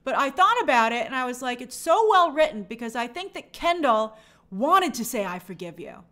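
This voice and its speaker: A woman's voice: high voice, lively intonation, moderate pace, sharp tone. A woman hosting a live stream, chatting casually about a TV episode and reading viewers' comments aloud. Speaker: host of a TV and film news show.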